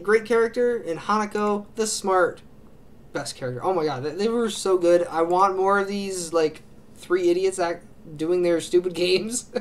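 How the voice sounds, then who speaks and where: A man hosting his own reaction channel, chatting casually and gushing through a ranking of his favorite series, rambling with lots of fillers and restarts. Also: sits high. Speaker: anime reaction channel host.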